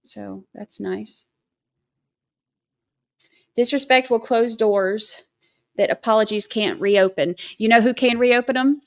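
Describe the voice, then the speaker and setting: A woman's voice: on the high side, takes it slowly, creaky, long pauses. A woman hosting a livestream, chatting casually with sarcastic, scattered asides and thanking viewers for gifts. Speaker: livestream host.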